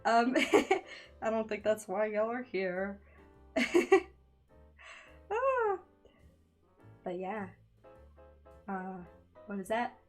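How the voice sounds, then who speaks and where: A woman's voice: medium pitch, fairly even intonation, slow pace, pauses often, faint music behind. A young woman streaming from a makeshift home setup, chatting nervously and giggling while she draws, often losing her train of thought. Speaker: streamer and digital artist. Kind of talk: casual live-stream chat while drawing. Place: home room by a window. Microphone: studio microphone in a makeshift home setup.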